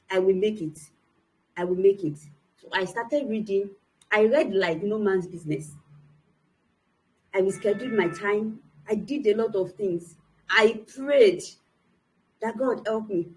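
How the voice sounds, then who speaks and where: A woman's voice: medium pitch, a little slow, pauses often, darkish tone, poor audio. A young adult woman, a motivational speaker, giving an earnest, emphatic personal testimony to young people.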